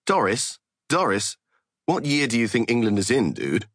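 Narrating an audiobook, a man plays a joking, laid-back male host of a true crime podcast, raising his pitch above his natural voice. The medium-pitched, fairly bright delivery swings widely in pitch at normal speed, captured in studio quality with no room sound.

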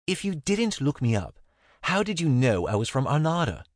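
A man voicing a guarded, fiery young foreign woman with a lilting accent, firing off sharp questions. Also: a little high, sing-song, moderate pace, no echo, clean studio sound, voice pushed up. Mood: guarded, insistent.

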